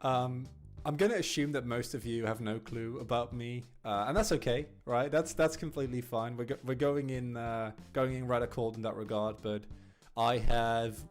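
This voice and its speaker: A man's voice: mid-range voice, steady tone, moderate pace, faint music behind. A man being interviewed as an incoming caster, talking casually with frequent restarts and chuckles. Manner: stumbling restarts, chuckles often.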